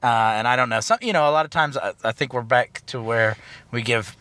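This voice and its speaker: A man's voice: medium pitch, a little fast, sharp tone, no echo. A man chatting casually about a film on a podcast, rambling and joking, recorded in a car. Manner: rambling, joking, self-correcting. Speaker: podcast co-host. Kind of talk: casual film review chat.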